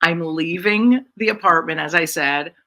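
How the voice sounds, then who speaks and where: A woman's voice: low-pitched, measured pace. A middle-aged woman, a comedian, telling brash, profane stories in a casual podcast chat. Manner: brash, profane, animated storyteller.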